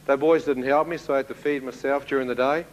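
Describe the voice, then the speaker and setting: A man giving a spoken testimony to an audience, telling his story in an animated way and acting out the dialogue. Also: medium pitch, fast talker, slight background noise, rough recording. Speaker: speaker giving a personal testimony.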